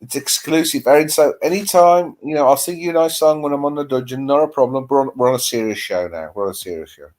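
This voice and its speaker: A man chatting casually on a livestream in a relaxed, joking way, often trailing off into low mutters. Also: quick pace, hardly any pauses.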